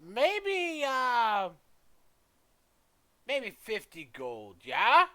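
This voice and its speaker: Man doing a shrill, forgetful old shop-woman. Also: wildly swooping pitch, extremely slow, bright, forceful tone, full character voice. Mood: sly haggling. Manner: shrill, scatterbrained, calls customers dearie. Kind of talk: tabletop role-play.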